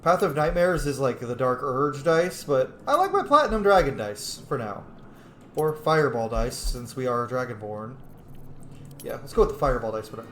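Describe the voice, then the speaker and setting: A man casually commenting on his game playthrough, chatty and excitable. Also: medium pitch, normal speed, roomy sound, slight background noise. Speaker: gaming channel host. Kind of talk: casual let's-play commentary.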